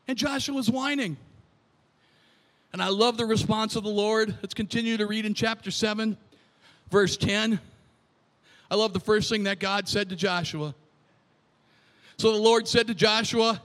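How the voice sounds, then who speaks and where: Dramatic high-voiced preacher in a big hall. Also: male voice, normal speed. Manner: dramatic, swings between shouting and hushed tones. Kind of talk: sermon with scripture reading.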